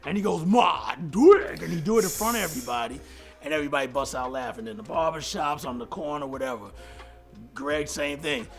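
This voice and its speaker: A middle-aged man with a slightly raised pitch and a gravelly, fry-laced tone tells an old studio story. He slips into a higher voice for quoted lines and laughs between them. Faint music runs underneath. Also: fast talker, fairly bright tone. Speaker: hip-hop producer telling a studio story. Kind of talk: animated storytelling in an interview clip.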